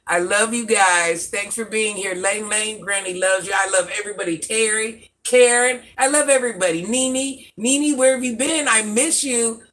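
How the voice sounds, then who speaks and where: A woman's voice: mid-range voice, normal speed, hardly any pauses, fairly bright tone. A woman in her forties hosting a live stream, affectionately repeating herself and calling herself Granny as she chats with viewers. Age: 40s. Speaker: livestream host.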